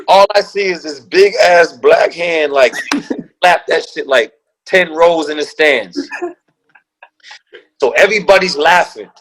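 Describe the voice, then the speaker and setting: A man's voice: fairly high pitch, slow, long pauses, a bit bright, low-quality recording. A man guest telling a story with slang and profanity, acting out the quoted voices of other people. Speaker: guest, former pro basketball player. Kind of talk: animated storytelling.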